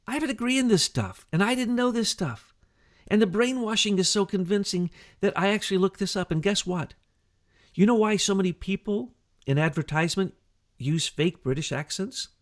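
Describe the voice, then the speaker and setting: A man with a somewhat high, gravelly voice co-hosts a talk show. He speaks in an emphatic, animated way, building his points through lists and rhetorical questions. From United States. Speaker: co-host. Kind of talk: conversational talk show discussion.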